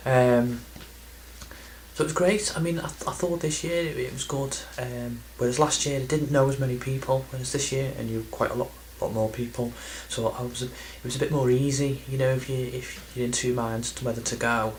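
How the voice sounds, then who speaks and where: A man's voice: mid-range voice, steady tone, fairly quick, slight background noise, low-quality recording. Rambling man vlogging casually. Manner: rambling, self-deprecating, lots of ums and restarts. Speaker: video game collector vlogger. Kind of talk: casual chatty vlog.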